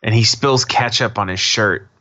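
Co-hosting a podcast, a man recaps a TV episode in loose, rambling talk that keeps drifting into asides, and he laughs often. His fairly low voice is bright and forceful at a normal pace, though the audio sounds dull.

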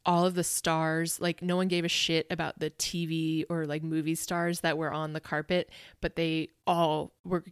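A woman co-hosting a podcast, chatting quickly and gossiping with questions for her co-host. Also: low-pitched, flat delivery, clean tone, no room sound, clean studio sound. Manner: quick gossipy chat, asks follow-up questions. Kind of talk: casual chat.

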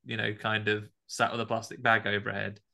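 A man's voice: on the low side, little pitch movement, brisk, vocal fry, pushed and bright. A man co-hosting a podcast, recapping a film in a laid-back, casually sweary way. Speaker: podcast co-host.

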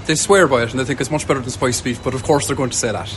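A market trader speaks quickly and keenly about his produce. The clip carries clear background bustle and traffic noise. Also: medium pitch. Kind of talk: news interview soundbite. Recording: street noise behind.

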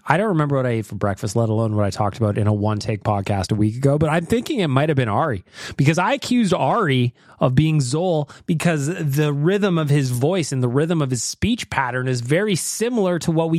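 An easygoing podcast host chats and teases, laughing often. His voice is a little higher than usual and rises and falls in a lively way. The sound is close and dry. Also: no echo. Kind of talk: casual podcast chat.

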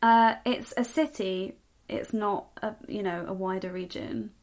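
A woman's voice: medium pitch, steady tone, measured pace, a little mellow. Friendly English woman co-hosting. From England. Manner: friendly, quizzing, laughs easily. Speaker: podcast co-host. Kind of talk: casual chat.

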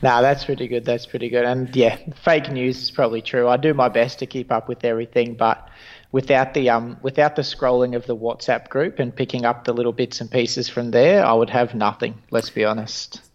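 Brief: joking co-host, mid pitch, muffled lo-fi sound. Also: male voice, steady tone, a little fast. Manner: cheeky, joking banter. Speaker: podcast co-host. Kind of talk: casual sports fantasy chat.

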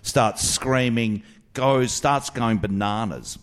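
A middle-aged Australian comedian telling crude, animated stories on a live podcast. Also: male voice, medium pitch, slow pace. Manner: crude, animated yarn-spinning. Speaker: comedian guest.

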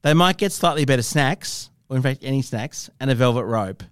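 A man with a smooth, clear voice that moves up and down with expression, recorded dry and close. He co-hosts a casual chat and keeps up a steady run of wry jokes and teasing questions. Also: medium pitch, brisk, no room sound. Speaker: podcast co-host.

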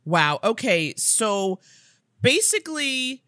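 Bright, emphatic woman co-host from New York. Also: on the high side, very animated, slow pace, no room sound, clean studio sound. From New York City. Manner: emphatic, playful ranting and theorizing. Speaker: podcast co-host. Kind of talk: casual comedic chat.

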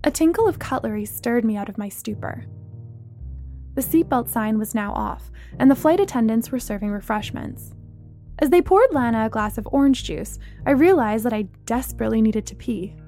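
A woman's voice: on the high side, animated, normal speed, dark tone, faint music behind. A woman narrating a first-person novel as an audiobook, voicing the dialogue.

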